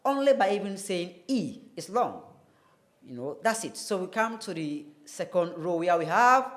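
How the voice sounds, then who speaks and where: A man teaching English vowel sounds on a TV lesson, repeating each sound slowly to demonstrate it. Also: high voice, big pitch swings, fairly bright tone. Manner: slow, deliberate, repeats sounds to demonstrate them. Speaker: English tutor. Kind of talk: TV phonetics lesson.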